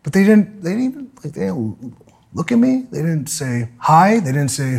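Husky man ranting with lively pitch. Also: normal speed. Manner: angry, swearing, loud outbursts. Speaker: podcast guest telling a story. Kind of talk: profane comedic rant.

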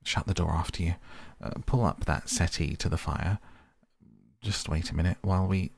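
A man's voice: low-pitched, moderate pace, vocal fry, breathy edge, exaggerated voice. A man voicing a male mole who welcomes guests eagerly and grows flustered, in a storybook reading.

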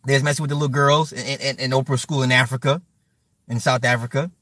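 A man ranting live to his viewers in a blunt, profane, rambling way, stumbling over repeated words. His voice sits at an ordinary pitch for a man. It is recorded close and dry, with almost no room sound. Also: fairly even intonation, quick pace, fairly bright tone, no room sound. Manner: thanks and answers viewers between rants. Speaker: livestream host talking to chat. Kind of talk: casual profane rant.

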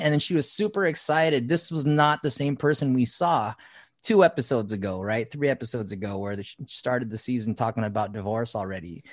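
A man co-hosting a casual chat about a reality show, animated and playful, sometimes slipping into mock voices. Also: medium pitch, a little fast, no room sound, studio quality. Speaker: podcast co-host.

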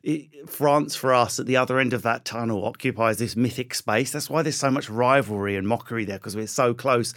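Riffing Essex comedian. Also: male voice, medium pitch, fairly quick, hardly any pauses. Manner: animated, riffing storyteller. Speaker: comedian guest. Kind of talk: casual chat.

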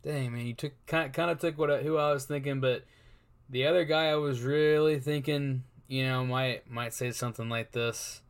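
A man's voice: mid-range voice, steady tone, moderate pace, clean tone. A man co-hosting a casual sports chat, rambling and repeating words as he works out his guesses. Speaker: co-host.

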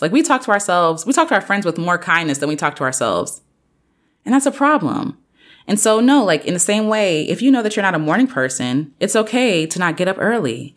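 Lively, encouraging woman podcaster. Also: on the low side. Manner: animated, playful impressions of friends' voices. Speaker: podcast host. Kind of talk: encouraging solo talk.

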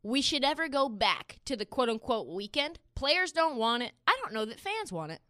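A woman hosts a casual sports podcast, brash and boastful, laughing as she talks. Her voice sits high and sounds bright and forward. The recording is dry and close. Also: big pitch swings, moderate pace, no echo. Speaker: podcast host.

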